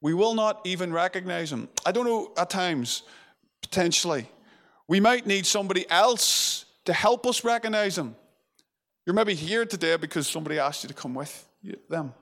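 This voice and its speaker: A man's voice: high voice, moderate pace, a bit bright. A male preacher giving an earnest, conversational sermon, retelling scripture vividly.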